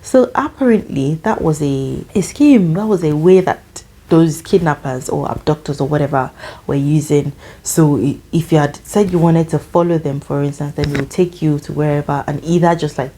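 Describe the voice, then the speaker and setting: Young nigerian woman vlogging a story, lower voice, mellow, laughs a lot. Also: moderate pace. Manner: animated, laughs often. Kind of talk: storytime vlog.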